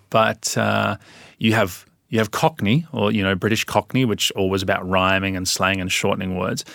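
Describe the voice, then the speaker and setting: An Australian man in a relaxed interview, laughing often and explaining with spoken examples. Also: lowish voice, creaky, no room sound, studio quality. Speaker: guest. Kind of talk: casual interview chat.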